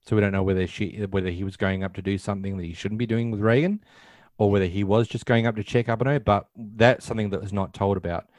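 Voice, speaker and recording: Male co-host, low register, casual rambling recap, dry close sound. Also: steady tone, fast talker, darkish tone, no echo. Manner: rambling, acts out quotes in passing. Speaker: podcast host. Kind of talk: casual film recap chat.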